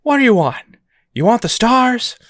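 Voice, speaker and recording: A man doing an impression of George Bailey, an earnest young man eagerly courting, with a raised, excited, rambling delivery. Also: extremely high pitch, moderate pace, dry recording, clean studio sound, pitched above the performer's own voice, heavily acted. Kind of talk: comic movie impression.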